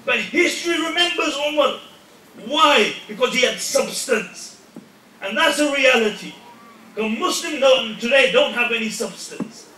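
Impassioned high-voiced preacher in an echoey hall. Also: male voice, far from the mic, slight background noise. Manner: impassioned, rising to shouts. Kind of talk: sermon.

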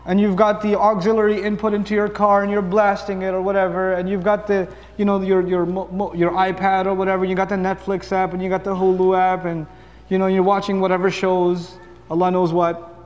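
A man's voice: high-pitched, completely flat delivery, fairly quick, in a large hall, highs cut off. A man giving a sermon, talking casually and with humor, asking the audience questions and answering them himself. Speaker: preacher.

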